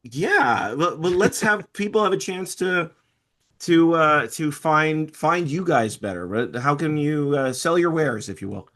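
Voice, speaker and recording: A man's voice: a little high, lively intonation, a little slow, hardly any pauses, fairly bright tone. A man hosting a podcast, easygoing and self-deprecating, with lots of hesitant fillers. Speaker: podcast host. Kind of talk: casual podcast chat.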